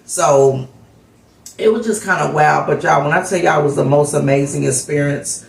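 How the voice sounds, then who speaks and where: Woman host, gravelly, heartfelt rambling chat, a bit far from the mic. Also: deep voice, moderate pace. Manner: rambling, heartfelt, lots of fillers. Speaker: vlogger host. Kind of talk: casual storytelling chat. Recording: echoey room, off-mic.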